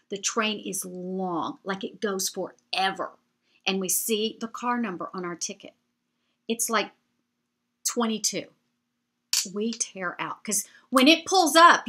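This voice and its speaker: Lady vlogging, telling a story to the camera, bright crisp voice, talks right to y'all. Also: medium pitch. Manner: chatty, animated, addresses viewers directly. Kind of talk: storytelling travel anecdote to camera.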